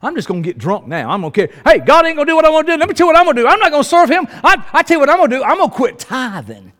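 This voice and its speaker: A preacher mimicking a self-pitying churchgoer who rants petulantly about quitting on God. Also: male voice, extremely high pitch, big pitch swings, fairly bright tone, voice pushed up, exaggerated voice. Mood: sulky, defiant. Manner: rapid petulant ranting. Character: whiny self-pitying churchgoer, adult man.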